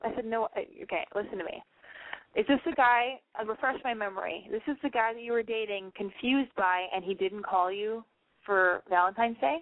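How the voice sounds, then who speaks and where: A woman's voice: mid-range voice, moderate pace, narrow, tinny audio. A woman hosting a call-in advice radio show, blunt and profane, ranting at callers and mimicking them in squeals.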